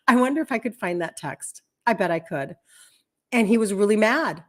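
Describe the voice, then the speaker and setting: A woman's voice: mid-range voice, animated, a little slow, fairly bright tone. A woman in her fifties, a health coach talking casually to viewers on a live stream, chatty and rambling, acting out what people said. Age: 50s. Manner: chatty and rambling, acts out quoted speech.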